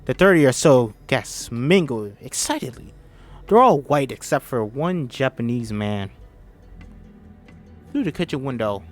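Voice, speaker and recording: A man reading a screenplay aloud by himself, voicing every part, stumbling over words now and then. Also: medium pitch. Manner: reads all parts himself, stumbling at times. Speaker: script reader. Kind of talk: solo script read-through.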